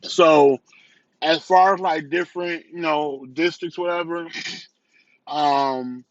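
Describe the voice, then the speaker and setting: A man's voice: a little high, fairly even intonation, takes it slowly, dry recording, dull audio. A man from the south suburbs of Chicago giving a candid, rambling vlog review, repeating phrases and restarting sentences as he talks. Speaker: vlogger and entrepreneur.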